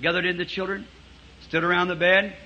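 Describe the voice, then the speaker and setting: A man's voice: high-pitched, level tone, a little fast, sharp tone. A man preaching a storytelling sermon to a congregation in a church, telling it in a folksy way with frequent chuckles. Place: church meeting before a congregation. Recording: dull, muffled 1960s sermon tape.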